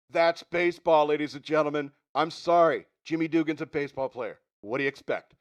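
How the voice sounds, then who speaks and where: A man's voice: fairly high pitch, animated, fairly quick, hardly any pauses. A man hosting a radio show, chatting casually and rambling with frequent chuckles. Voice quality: chuckling, rambling, self-interrupting. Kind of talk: casual chat.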